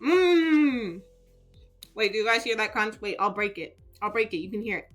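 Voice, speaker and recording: A woman's voice: mid-range voice, moderate pace, soft background music. A woman live streamer in casual chat, talking in a playful, mock-indignant teasing manner.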